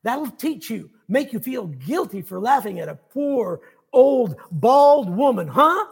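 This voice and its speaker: A gruff, defiant old woman in her sixties, voiced by a man reading his story aloud. She scolds in a high, gravelly, husky voice. Her talk is blunt and cranky. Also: big pitch swings, takes it slowly, full character voice. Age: 60s.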